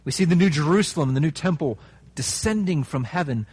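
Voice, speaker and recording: Husky-voiced man preaching casually. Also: fairly high pitch, quick pace. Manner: conversational and animated, with fillers and asides. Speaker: pastor. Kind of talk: sermon.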